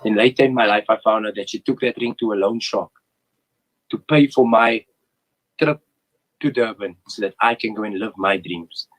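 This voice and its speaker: A man's voice: lowish voice, normal speed, rough recording. A man in his forties tells an earnest, heartfelt story as a guest in a casual interview. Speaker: former goalkeeper, interview guest.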